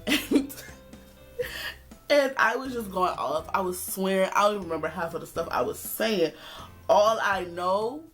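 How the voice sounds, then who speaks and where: A woman vlogger tells a story straight to the camera, animated and sassy, and acts out every quote. Her voice sits at a middle pitch. Faint music plays underneath. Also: moderate pace. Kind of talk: casual storytime vlog.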